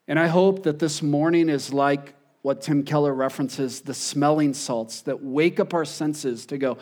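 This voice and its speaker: A man preaching a sermon as pastor, earnest, repeating phrases and dropping soft for emphasis. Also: on the high side, normal speed.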